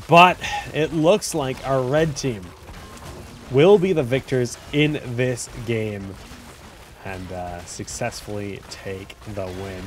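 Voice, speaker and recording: A man hosting casual commentary on viewer-submitted game replays. He talks in a chatty, rambling way, corrects himself often, and breaks into excited shouts at big plays. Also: mid-range voice, takes it slowly, a little hiss or hum.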